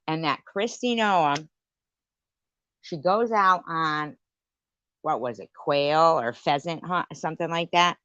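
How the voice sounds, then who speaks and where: Low-voiced woman ranting on a stream. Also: a bit bright, no echo, dull audio. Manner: profane, rambling rant. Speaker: livestream host. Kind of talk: late-night live stream chat.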